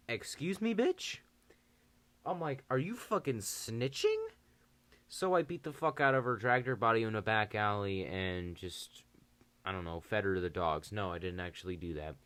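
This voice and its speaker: Young dude, lowish voice, swearing constantly, telling a school story. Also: male voice. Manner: profane, animated storytelling. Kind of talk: casual storytime.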